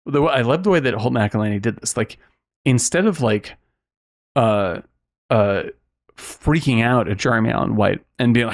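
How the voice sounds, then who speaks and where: A man co-hosting a podcast in a casual film discussion, animated and acting out quotes in a raised voice. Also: mid-range voice, normal speed. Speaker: podcast co-host.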